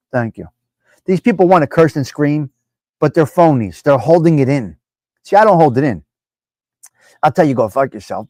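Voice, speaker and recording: A man's voice: fairly high pitch, a little mellow, dry recording. A man hosting a casual live stream, talking bluntly with profanity and reading viewer comments aloud.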